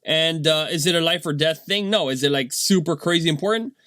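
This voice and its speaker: A man, a dad, telling a casual motivational story in a rambling, animated way, tagging his points with "right?". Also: fairly high pitch, fairly quick, no room sound. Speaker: vlogger and dad.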